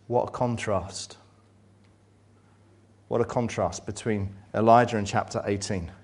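A man preaching a sermon, reading scripture and retelling it dramatically, swinging from loud excitement to hushed, low passages. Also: a little slow, pauses often.

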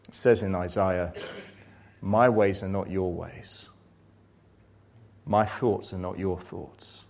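A slow, gravelly-voiced man preaches, reading scripture aloud and dramatizing it as he moves from loud excitement to hushed, low moments.

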